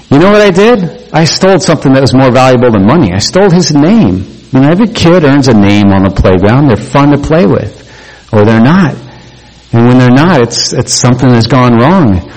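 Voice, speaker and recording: A man's voice: medium pitch, low-quality recording. A male pastor preaching a conversational sermon, mixing jokes, stories and acted-out quotes. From Oregon.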